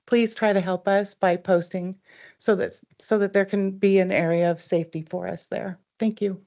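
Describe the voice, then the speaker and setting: A woman giving public comment at a council meeting, halting and hesitant with many fillers. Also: mid-range voice, fairly even intonation, a little mellow. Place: council chamber.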